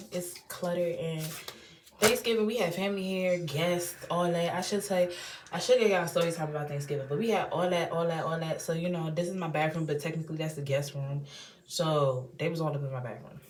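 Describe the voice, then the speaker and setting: In her home bathroom, a young beauty vlogger from Washington, D.C., with a D.C. accent, chats through a casual unboxing. She speaks fairly quickly in lively slang, her pitch and loudness swinging widely.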